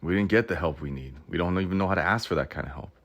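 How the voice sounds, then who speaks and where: A man's voice: deep voice, racing, highs cut off. A man hosting a podcast, talking in a reflective monologue that is earnest and self-questioning, with wry asides and restarts. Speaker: podcast host.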